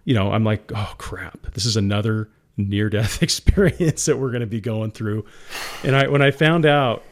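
A man's voice: lowish voice, normal speed. A man guest in an interview, candidly recounting a hard business moment, getting teary and laughing often. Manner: emotional, laughs often, calls the host "guy". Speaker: guest entrepreneur.

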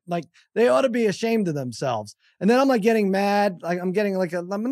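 A man in his forties with a slightly high voice tells stories in an animated, exasperated, jokey style as a podcast co-host. The mic is close and completely dry. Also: fairly quick, few pauses, dry recording. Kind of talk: casual chat, storytelling.

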